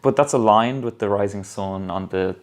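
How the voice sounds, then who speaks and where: A man's voice: fairly low pitch, moderate pace. A man with an Irish accent presenting history on a casual podcast, joking and filling with 'like' and 'uh'.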